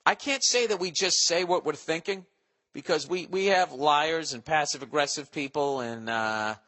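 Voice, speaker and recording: In a big-sounding room, a Boston man in his forties reads and rants about listener mail on his podcast, profane and sarcastic for laughs. His voice is on the high side, bright and forceful, at a normal speed.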